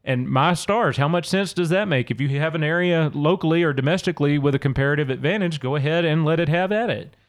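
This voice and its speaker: Speaking quickly and with few pauses, this slightly high-voiced Louisiana man runs a podcast on his own. He chats casually about song lyrics, reading them out in between explaining them.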